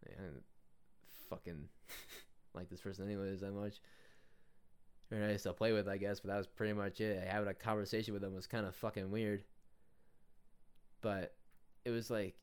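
A man's voice: fairly low pitch, smooth. A young man hosting a podcast, telling a story in a casual, profane rant, often laughing and mocking people. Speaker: podcast host.

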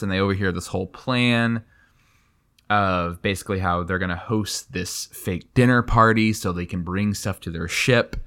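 A man's voice: fairly low pitch, normal speed, fairly bright tone, smooth. A young man co-hosting a podcast, casually retelling a book's scenes and laughing easily as he goes. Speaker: podcast co-host. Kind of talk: casual book discussion.

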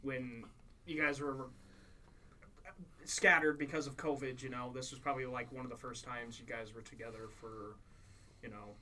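A man interviewing a band, casual and joking, teasing the guests in a relaxed way. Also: mid-range voice, moderate pace, long pauses. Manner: joking, casual, swears lightly. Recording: distant mic with room noise.

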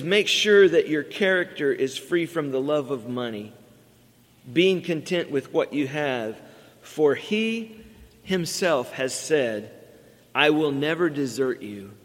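Earnest middle-aged preacher in a reverberant hall. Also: male voice, a little high. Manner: earnest, builds emphasis on key words. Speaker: pastor. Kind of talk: sermon. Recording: long reverb from a large hall.

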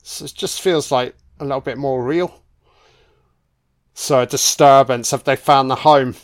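A man's voice: mid-range voice, steady tone, measured pace. A man giving casual, crude commentary on a horror film, sarcastic and swearing nonstop as he mocks the characters.

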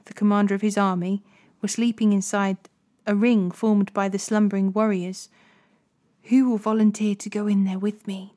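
A woman reading Bible passages aloud as host of a daily reading series, in clear, steady narration. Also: mid-range voice. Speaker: Bible reader. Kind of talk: scripture reading.

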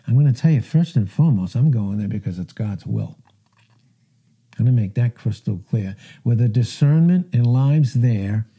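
A man's voice: mid-range voice, dark tone, breathy edge. A middle-aged man preaching a sermon as pastor, earnest and emphatic, lifting his voice when he quotes scripture.

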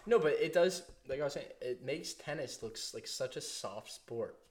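A man's voice: mid-range voice, expressive, normal speed, a little mellow. A young man with a mid-range voice, co-hosting a casual podcast. He speaks bluntly and with opinions, teasing his co-host with a lightly mocking edge. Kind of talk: casual chat.

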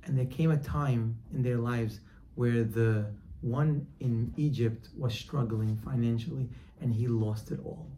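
A religious teacher, a man, telling a story in a sermon, animated and acting out the characters. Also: medium pitch, measured pace, few pauses. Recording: echoey room, faint background noise.

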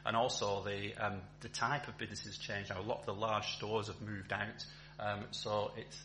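A man's voice: fairly low pitch, level tone, normal speed, sharp tone. A man giving a chatty church talk as a town centre chaplain, with many ums and restarts. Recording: echoey hall with faint hum.

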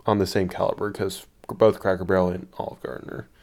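A man's voice: low-pitched, flat delivery, fast, a little mellow. A young man from Indiana co-hosting a podcast, talking in a laid-back, easygoing way. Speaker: podcast co-host. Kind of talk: casual chat.

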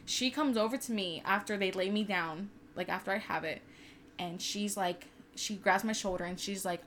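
A woman's voice: mid-range voice, normal speed, a bit bright, a little hiss or hum. A woman in her twenties telling a personal story in casual chat, candid and profane with lots of "like". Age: 20s. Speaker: podcast co-host.

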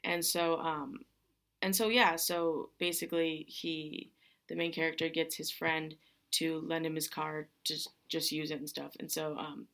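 A woman's voice: deep voice, flat delivery, unhurried, fairly bright tone. A young woman hosting a podcast, casually recapping a film in a rambling way, full of fillers and restarts. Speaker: podcast host.

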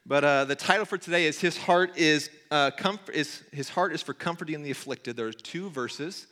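A man preaching a sermon in an earnest way, now excited, now hushed, reading passages aloud. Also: a little high, normal speed. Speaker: pastor.

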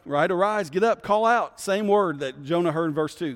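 A man's voice: a little high, normal speed, few pauses. A man, a guest pastor teaching a Bible study in a conversational way, often checking in with his listeners. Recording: long hall reverb.

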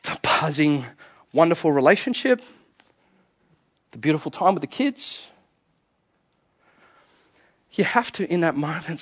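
A man in his forties preaching a sermon, animated and humorous, acting out conversations with his own soul. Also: on the high side, unhurried, pauses often, breathy edge. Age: 40s. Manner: animated, humorous, acts out inner dialogue. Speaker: pastor.

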